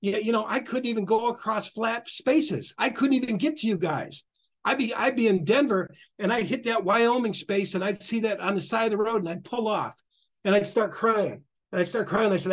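As a guest speaker, a middle-aged man with a strikingly high voice delivers a passionate spiritual talk at a moderate pace. Animated and repetitive, he laughs frequently and performs the quotes he shares.

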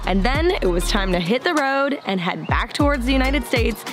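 A woman's voice: on the high side, animated, normal speed, over music. A young woman narrating a casual travel vlog, candid and laid-back, swearing casually. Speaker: vlogger, pregnant traveler.

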